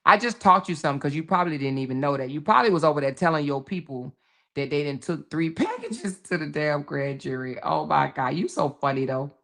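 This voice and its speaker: Lively laughing woman streamer. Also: deep voice, brisk, vocal fry. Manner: animated, laughs often, African American Vernacular English. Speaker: livestream commentary host. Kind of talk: casual livestream commentary reading chat.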